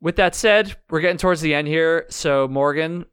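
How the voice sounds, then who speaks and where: A man's voice: a little high, normal speed, a bit bright, clear, resonant tone, no room sound, clean studio sound. A man hosting a podcast, easygoing and chatty with loose restarts. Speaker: podcast host. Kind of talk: casual podcast chat.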